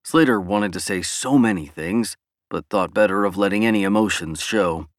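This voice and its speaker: A man narrating a novel as an audiobook in an even, measured reading. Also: on the low side, dry recording, studio quality.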